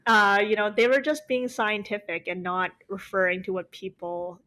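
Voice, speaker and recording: A woman's voice: mid-range voice, level tone, normal speed, pushed and bright, rough recording. A woman co-hosting a podcast in casual comedic chat, playful and laughing often. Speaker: podcast co-host.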